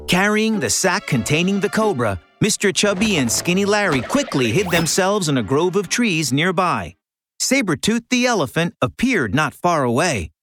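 Woman narrator, children's story, lively expressive pitch, soft music behind. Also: normal speed, no echo.

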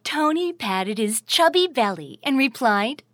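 A woman narrates a children's audio story in a sing-song, expressive manner. Her voice sits high and moves in lively, wide swings of pitch, and she paces her words slowly and deliberately, recorded dry and close. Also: dry recording.

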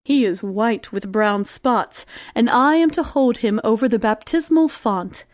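A woman doing a low, cool, greedy cat. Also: measured pace, darkish tone, no echo, clean studio sound, natural voice. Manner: low, cool and smooth-talking. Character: greedy, sly she-cat, cool and scheming.

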